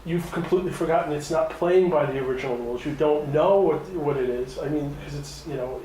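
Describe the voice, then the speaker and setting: A man's voice: fairly high pitch, fairly quick, warm tone, a little hiss or hum. A man interviewing filmmakers in a casual, rambling way, full of restarts and close to tears. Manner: rambling, many restarts, emotional. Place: hotel room at a film festival. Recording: very echoey room.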